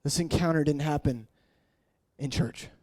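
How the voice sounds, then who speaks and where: A man in his late twenties preaching an emotional personal testimony, shifting between hushed murmurs and raised, intense passages. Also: a little slow. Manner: earnest, swinging from hushed murmurs to raised, high-pitched intensity.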